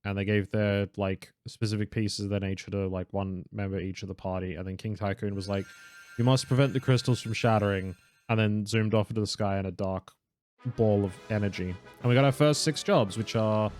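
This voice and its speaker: A man's voice: on the low side, fairly even intonation, fairly quick, a little mellow, soft background music. A young man casually commenting on his own game stream, rambling, correcting himself, swearing and laughing now and then. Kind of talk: casual live gameplay commentary.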